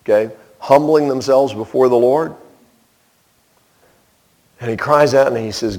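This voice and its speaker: A man's voice: medium pitch, unhurried, pauses often, darkish tone. A man preaching a sermon, telling a story with animation and acting out the people in it.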